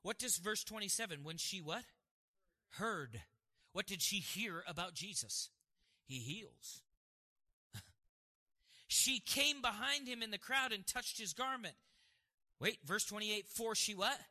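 High, bright-voiced preacher in a hall. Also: male voice, animated, measured pace, pauses often. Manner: asks the congregation questions and answers them. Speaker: pastor. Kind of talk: sermon. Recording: hall reverb.

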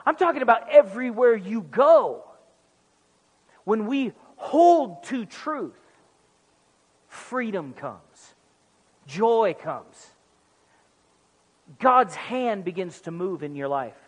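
A man preaching a sermon in a church, animated and acting out little comic dialogues. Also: high-pitched, slow pace, long pauses, husky. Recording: music under voice, long hall reverb.

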